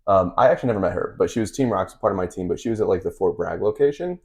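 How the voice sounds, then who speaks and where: A man's voice: deep voice, racing. A man, chatting and telling stories as a podcast host. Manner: storytelling, relaxed and chatty. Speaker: podcast host and fight coach. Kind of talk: casual podcast chat.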